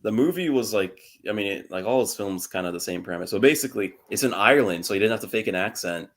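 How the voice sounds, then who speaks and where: Deep-voiced young man rambling on a podcast. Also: expressive, fast talker, fairly bright tone. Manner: rambling, laughs often, swears casually. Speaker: podcast co-host. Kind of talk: casual chat.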